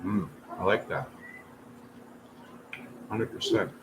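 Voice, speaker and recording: A man's voice: low-pitched, slow pace. A man hosting a casual livestream, talking in a rambling, chatty way straight to his viewers. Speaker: livestream host. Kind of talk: casual chat. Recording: noisy room ambience.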